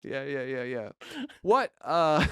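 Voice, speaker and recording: A man hosting a comedy podcast, teasing his guest with deadpan jokes. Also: medium pitch, clear, resonant tone, dry recording, clean studio sound. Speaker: podcast host. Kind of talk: casual comedy chat.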